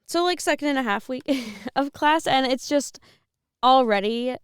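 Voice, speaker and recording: A woman's voice: sits high, moderate pace, clear, resonant tone, dry recording, studio quality. A woman in her twenties, a seminarian co-hosting a podcast, chatting casually with frequent laughs and rambling restarts. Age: 20s.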